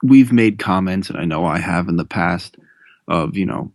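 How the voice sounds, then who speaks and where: A man's voice: deep voice, moderate pace, dry recording. A man co-hosting a podcast, chatting casually and readily agreeing with his partner. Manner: agreeable, chuckling along. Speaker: podcast co-host.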